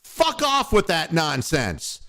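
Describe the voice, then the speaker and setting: A male sports radio host in a profane postgame rant. His voice sits a bit high and swings widely as he vents, punching out his complaints one after another. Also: huge pitch swings, slow, creaky, bright, forceful tone. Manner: angry, profane, ranting.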